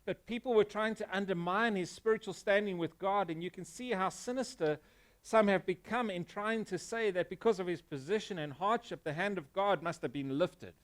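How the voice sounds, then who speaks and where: A South African pastor preaches to his congregation in an earnest, emphatic way. His voice sits a little high for a man. He often sinks into low, quiet stretches to press a point home. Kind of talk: sermon. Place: church.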